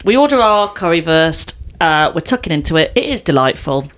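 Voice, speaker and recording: A woman's voice: deep voice, sing-song, a little fast, a bit bright. A woman co-hosting a podcast, telling an anecdote in casual chat with lots of asides. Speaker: podcast co-host.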